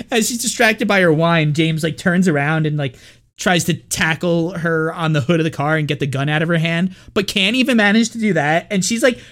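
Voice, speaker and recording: A man with a slightly higher voice chats through a movie plot on a podcast. He rambles easily, leaning on fillers as he retells scenes in a loose, conversational way. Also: normal speed. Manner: relaxed, rambling, lots of fillers. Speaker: podcast co-host. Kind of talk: casual movie recap chat.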